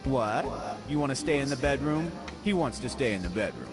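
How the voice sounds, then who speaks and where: A man's voice: medium pitch, big pitch swings, brisk, lightly acted. An actor voicing a male adventure game character who makes dry, offhand remarks. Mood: wry. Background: game music.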